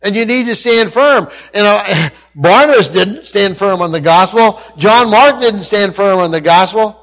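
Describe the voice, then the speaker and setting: A man's voice: sits high, animated, unhurried, fairly bright tone, low-quality recording. A man preaching a sermon, repeating key phrases for emphasis and often restarting his sentences. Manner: emphatic repetition, frequent restarts and stumbles.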